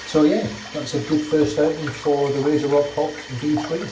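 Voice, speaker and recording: A man's voice: fairly high pitch, fairly even intonation, moderate pace, far from the mic, background noise. A British man vlogging casually while shaving his head at home, chatty and rambling, swearing freely, a bit under the weather with a cold. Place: bathroom at home. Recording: echoey room, voice off-mic.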